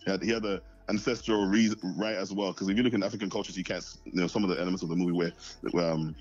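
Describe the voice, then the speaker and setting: A man's voice: low-pitched, steady tone, rapid-fire, a little mellow. A man from the north of the UK, a guest in a casual podcast chat, arguing his point with playful sarcasm over a dull, lo-fi remote line.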